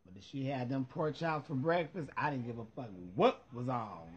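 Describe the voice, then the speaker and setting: A man's voice: mid-range voice, expressive, normal speed, husky, dull audio. A man hosting a casual video show, reacting in a sassy, profane way and laughing a lot.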